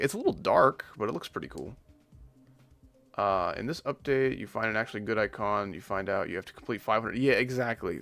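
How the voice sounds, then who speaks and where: Gravelly-voiced man rambling through gaming commentary. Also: lowish voice, fairly bright tone. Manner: rambling, jokey, self-deprecating. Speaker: streamer.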